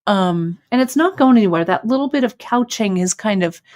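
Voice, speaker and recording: A woman's voice: medium pitch, expressive, brisk, darkish tone. A woman hosting a live craft lesson, explaining each step patiently and checking in often with the viewers. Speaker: host demonstrating bead embroidery.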